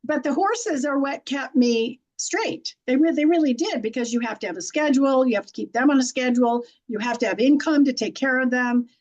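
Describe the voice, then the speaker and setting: High-voiced blunt folksy woman. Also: a little fast, few pauses, darkish tone, muffled recording, slight background noise. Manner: blunt, folksy, laughs often. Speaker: guest, intuitive and animal communicator. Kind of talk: conversational storytelling.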